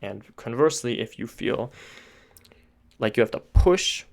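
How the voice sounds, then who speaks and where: A man's voice: mid-range voice, lively intonation, measured pace, creaky. A man giving an online voice lesson, explaining patiently step by step with occasional filler words. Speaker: voice teacher.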